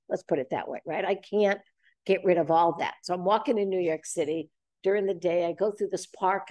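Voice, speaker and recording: A woman's voice: fairly low pitch, darkish tone, dry recording. Older woman host, 70s, chatty storyteller, acts out the quotes, dry close sound. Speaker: host leading a group talk. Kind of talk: casual group chat. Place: boxing gym.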